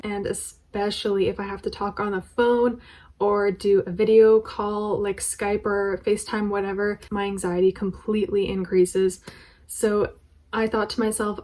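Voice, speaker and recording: A woman's voice: mid-range voice, darkish tone, rough recording. Nervous woman vlogging from her bedroom. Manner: nervous, voice shaking slightly. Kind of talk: casual talk to camera. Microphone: camera propped on her bed.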